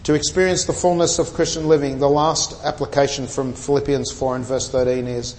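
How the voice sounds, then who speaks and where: A man preaching a sermon in an earnest, emphatic way, slowing down to stress key words. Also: mid-range voice, level tone, darkish tone.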